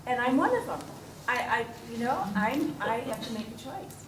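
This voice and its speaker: A woman in her thirties speaks candidly and a little haltingly during a group discussion. Her voice is slightly high, and she is picked up from far off in an echoey room. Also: expressive, noisy background. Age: 30s. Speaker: congregant sharing a reflection.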